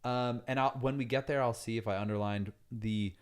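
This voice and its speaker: Regular-voiced guy chatting about a book, kinda hesitant, thinking out loud. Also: medium pitch, fairly even intonation, brisk, smooth. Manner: thoughtful, hesitant, trails off. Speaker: podcast co-host. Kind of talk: casual book discussion.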